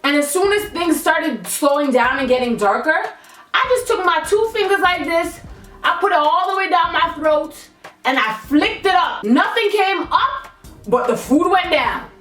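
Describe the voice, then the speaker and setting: A young woman telling a storytime vlog in a lively, slangy way, swearing freely. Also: high-pitched, moderate pace, roomy sound, far from the mic, faint music behind. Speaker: vlogger.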